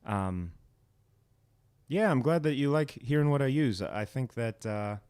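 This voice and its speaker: A man's voice: medium pitch, lively intonation, unhurried, a little mellow, clear, resonant tone. A man hosting his own music livestream at home, chatting casually and rambling a little as he greets viewers by name.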